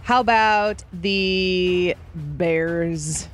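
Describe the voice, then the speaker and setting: A woman's voice: fairly low pitch, soft background music. A woman hosting a talk radio show, joking and laughing through casual banter. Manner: playful, quick with jokes and laughs.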